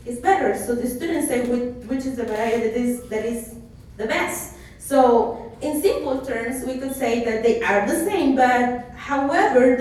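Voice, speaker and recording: A Mexican-accented woman explains Zapotec teaching in a halting presentation full of restarts and fillers. Her voice sits high, and the recording is heavily echoey and picked up from a distance. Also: darkish tone, a little hiss or hum. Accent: Mexican Spanish. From Isthmus region of Oaxaca, Mexico. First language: Spanish and Zapotec. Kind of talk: presentation talk. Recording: echoey room, voice from far off.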